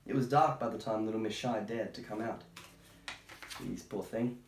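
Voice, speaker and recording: A man reading a children's picture book aloud, breaking off for chatty, gentle asides. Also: fairly low pitch, moderate pace, a little hiss or hum. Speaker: storytime reader. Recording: roomy echo.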